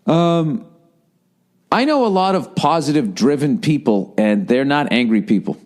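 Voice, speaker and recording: A man talks alone on his podcast in a loose, rambling way. He swears freely and keeps restarting his sentences. His voice sits at an ordinary middle pitch, and he drops now and then into sarcastic mimicry. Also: sing-song, moderate pace, darkish tone. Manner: profane, exasperated rambling with frequent self-interruptions; slips into mocking put-on voices. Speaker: podcast host. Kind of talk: casual solo monologue.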